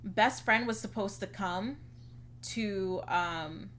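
Bright-voiced young woman telling a story. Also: medium pitch, takes it slowly. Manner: chatty, heavy use of "like", acts out quotes. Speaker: podcast co-host. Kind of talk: casual storytelling chat.

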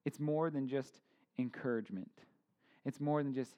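A pastor in his thirties delivers a relaxed, informal sermon, sprinkling in jokes and plenty of fillers and restarts. His voice sits at a medium pitch and moves at a moderate pace, though the recording has its high frequencies cut off.

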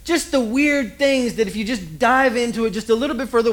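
High-voiced conversational male preacher. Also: a little fast, few pauses. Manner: conversational, animated, rhetorical questions. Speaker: pastor. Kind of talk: sermon.

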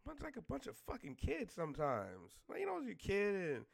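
A man's voice: high voice, wildly swooping pitch, a little fast, creaky. A man delivering a blunt, exasperated, profane rant straight to his audience. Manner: blunt, exasperated, heavy swearing.

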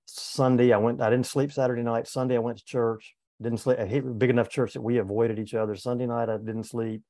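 Older male former pastor for a conversation piece: earnest, candid storyteller, warm mellow tone, dry close sound. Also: mid-range voice, flat delivery, brisk, no echo. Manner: earnest, candid, with frequent restarts. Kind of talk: reflective personal storytelling in conversation.

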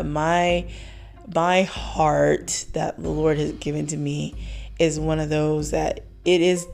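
A woman hosting a casual faith talk show, reflective and quick to laugh, acting out the lines she quotes. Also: low-pitched, vocal fry, a little mellow. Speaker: podcast host.

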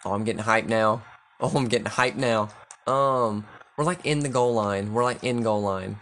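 A man commenting casually on his own football video game, thinking aloud, swearing freely and getting excitable on big plays. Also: fairly low pitch, normal speed, slight background noise.

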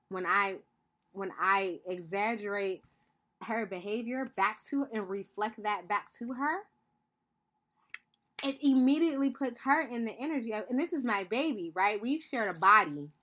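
Woman podcast host, mid-range voice, earnest and reflective, thinks out loud, leans on "right?". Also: medium pitch, a little hiss or hum. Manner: earnest, thinks aloud with frequent "right?" check-ins; calls listeners "beloved".

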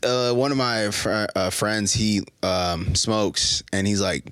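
A man's voice: on the low side, fairly even intonation, normal speed, few pauses, a bit bright, no room sound, studio quality. A man from Nebraska in casual chat, laid-back and slangy.

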